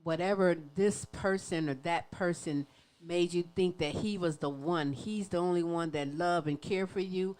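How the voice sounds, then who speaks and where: A woman hosting an interview, her voice on the lower side. She answers with emphatic sympathy and affirmation. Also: moderate pace, a little mellow. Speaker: talk show host.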